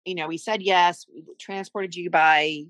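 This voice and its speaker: A woman's voice: fairly low pitch, fairly even intonation, unhurried, a bit bright, no room sound, rough recording. Earnest middle-aged woman telling her story. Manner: earnest, heartfelt retelling. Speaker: podcast guest, mother of the host. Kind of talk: personal storytelling in conversation.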